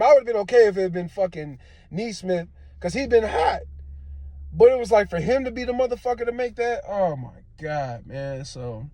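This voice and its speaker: A man ranting casually and profanely about his team's loss, swinging between low groans and loud outbursts. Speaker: sports fan vlogger. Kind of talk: casual rant.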